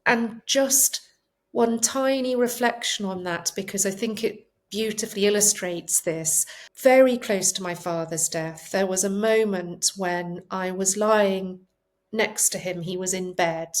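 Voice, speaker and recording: A woman's voice: medium pitch, measured pace. A woman, a palliative care doctor, speaking earnestly and from the heart as a guest at home. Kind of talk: emotional conversational interview. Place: home, on a sofa.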